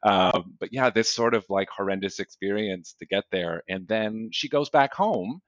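A man's voice: fairly low pitch, moderate pace, no room sound, lo-fi sound. A man co-hosting a podcast in casual chat, rambling and easygoing, often laughing. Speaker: podcast co-host.

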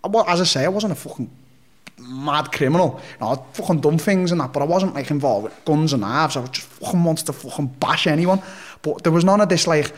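A man's voice: a little high, brisk. Blunt sweary Liverpool man. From Liverpool, England. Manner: blunt, sweary, rambling with restarts. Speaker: interview guest. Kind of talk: casual storytelling.

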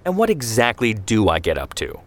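A defiant, hot-headed young man in his twenties in a spoken story, as a man reads him. His voice is fairly low, and he stays sarcastic and defensive. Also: huge pitch swings, fairly quick.

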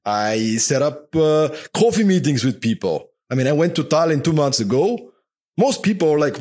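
A talkative, animated man speaking as a podcast guest in casual interview talk, often dropping "man" into his sentences. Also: mid-range voice, normal speed, slightly rough.

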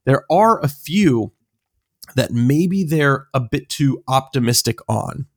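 A man's voice: mid-range voice, animated, takes it slowly, no room sound, clean studio sound. A man co-hosting a podcast, talking casually with many ums and restarts. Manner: hesitant, lots of fillers, laughs easily. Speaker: podcast co-host. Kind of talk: casual chat.

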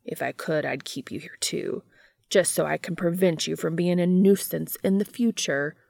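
A woman voicing a petulant, sinister entity in a read-aloud fan fiction story, taunting in a hushed sing-song half-whisper. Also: on the low side, normal speed, gravelly, no room sound. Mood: menacing. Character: mocking shape-shifting entity, sinister, petulant.

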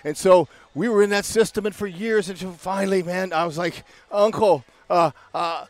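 An older man from California, a guest on a baseball talk show, talks in a fairly high voice for a man. He spins long, excitable stories and performs every character in them. Filler words like "man" punctuate his lines. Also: a little fast, no room sound. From California, USA. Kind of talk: animated storytelling interview.

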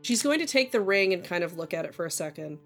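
A woman narrating a tabletop game as game master, playful and quick to laugh with players. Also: fairly low pitch, sing-song, soft background music.

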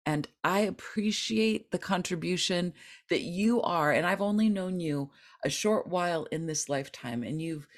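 A woman hosting a podcast interview who talks in an affirming, emphatic and heartfelt way. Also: low voice. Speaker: podcast host.

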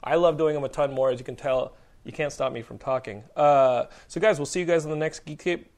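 A man hosting a podcast in casual, joking chat, swearing freely and throwing in quick asides. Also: fairly high pitch, a little mellow. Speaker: podcast host.

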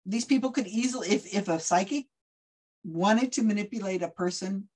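A woman talking casually in an interview, animated and quick to act out other people's voices as she tells a story. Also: mid-range voice, husky. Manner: animated, acts out quoted voices mid-story. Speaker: guest skeptic of psychics. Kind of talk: conversational interview.

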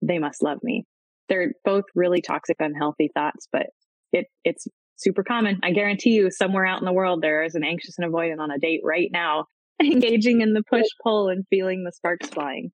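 A woman's voice: fairly low pitch, a little fast, dry recording, poor audio. A woman speaking as a guest expert, explaining in a chatty way, often acting out quoted lines and checking in with "right?". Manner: acts out quoted voices, frequent "right?" and "um". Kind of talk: conversational explaining.

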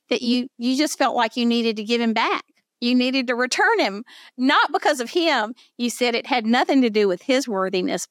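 A woman's voice: medium pitch, no echo, studio quality. An older woman with a Southern accent hosting a podcast interview, chatty and effusive. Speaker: podcast host. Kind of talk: casual interview chat.

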